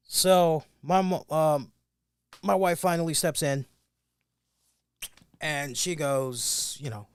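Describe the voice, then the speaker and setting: A man hosting a wrestling review show, telling a story in an animated way and acting out the people in it with loud bursts. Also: on the high side, slow pace, long pauses, clean tone, no room sound, studio quality. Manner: emphatic, acts out quoted voices with loud bursts.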